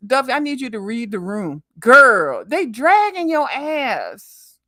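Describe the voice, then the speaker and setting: A middle-aged woman on a live online panel, ranting loudly and cussing freely in animated chat. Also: high-pitched, no room sound, clean studio sound. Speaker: YouTuber guest on a live panel. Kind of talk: profane livestream panel chat.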